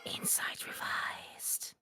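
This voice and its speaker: Woman putting on a snooty princess priestess, super high and swoopy, bossy formal talk, game music loud behind. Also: sing-song, moderate pace. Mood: haughty. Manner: stiff, formal, commanding. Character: haughty young princess priestess, imperious and scornful. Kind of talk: voicing game dialogue with friends.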